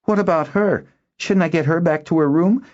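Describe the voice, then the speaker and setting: A man's voice: fairly high pitch, darkish tone, voice pushed up, close to an everyday voice. A man voicing a protective, hot-headed teenage boy in an audiobook, talking in an agitated, raised voice. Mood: grudging. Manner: agitated, quick to anger. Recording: dull lo-fi recording.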